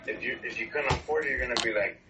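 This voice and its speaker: A man's voice: medium pitch, very fast. A man in casual chat who talks bluntly and switches between English and Spanish. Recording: dull lo-fi audio with crowd noise.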